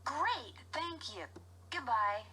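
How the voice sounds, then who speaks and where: A woman's voice: sits high, animated, takes it slowly, background noise. An actress playing a polite, curious young woman detective in a mystery game.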